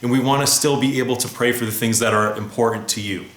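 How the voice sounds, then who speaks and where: A man's voice: medium pitch, fairly even intonation, quick pace, a bit bright. Encouraging man talking to kids. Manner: upbeat, encouraging, speaking straight to children at home. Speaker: children's ministry leader. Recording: echoey room with music behind.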